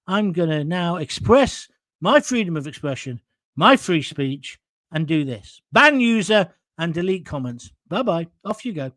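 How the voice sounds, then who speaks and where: Blunt, high-voiced man ranting. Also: big pitch swings, a little slow, fairly bright tone, dry recording, clean studio sound. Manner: combative, blunt, mocking toward critics. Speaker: host of his own online show. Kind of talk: opinionated chat, reading viewer comments.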